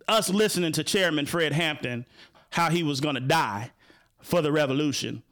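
A man hosting a casual live-stream talk, animated and joking, full of restarts and asides to the audience. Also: on the high side. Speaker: show host.

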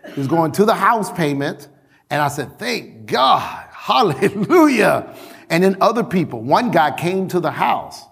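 A middle-aged male pastor preaching a sermon in a church, animated, repeating phrases for emphasis and calling out to his congregation. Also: a little high, moderate pace, slightly rough. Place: church sanctuary.

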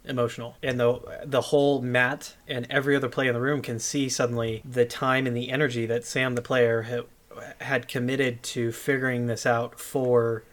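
A man co-hosting a podcast, thinking aloud in casual conversation. His delivery is flat, with little rise and fall. He often pauses and repeats words while he searches for the next thought. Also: medium pitch. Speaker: podcast co-host. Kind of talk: casual chat.

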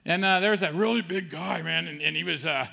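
A man's voice: fairly high pitch, fairly quick, gravelly, pushed and bright, long reverb tail. A middle-aged man giving a spoken church testimony in a conversational way, often asking the audience "okay?" and calling them "man". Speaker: testimony speaker.

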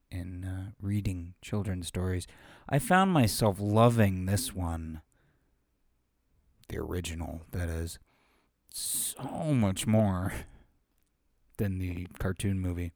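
Amateur male reader, casual chat, unhurried and rambling, dry close sound. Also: low voice, a little mellow, no echo. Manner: rambling, self-deprecating, with frequent fillers. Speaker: amateur reader of children's stories. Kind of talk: casual chat after a reading.

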